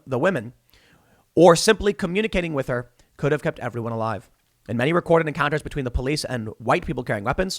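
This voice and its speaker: Animated, sarcastic male political commentator. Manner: animated and sarcastic, mocks quoted critics in high voices. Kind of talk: solo commentary show.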